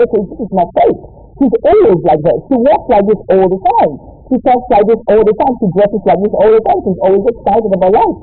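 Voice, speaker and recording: A young woman talks like a motivational speaker, stressing each point and repeating herself for weight. She sounds far from the mic. The sound is thin and boxy, like an old radio broadcast. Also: mid-range voice. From Nigeria. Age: young adult. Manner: emphatic, preachy, repeats lines for stress. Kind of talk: impassioned interview talk. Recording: distant, tinny phone-like radio sound.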